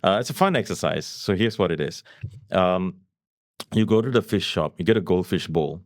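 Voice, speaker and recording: A man talks as a business coach guest, his pitch swinging widely as he tells stories. He laughs often and hammers his key phrases again and again. The sound is close and dry. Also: lively intonation, normal speed, no echo. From Malaysia. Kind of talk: podcast conversation.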